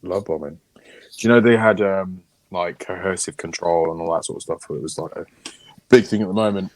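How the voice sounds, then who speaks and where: A man co-hosting a casual podcast, chatting with animated energy and plenty of swearing. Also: deep voice, brisk, no room sound. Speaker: podcast co-host. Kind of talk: casual banter.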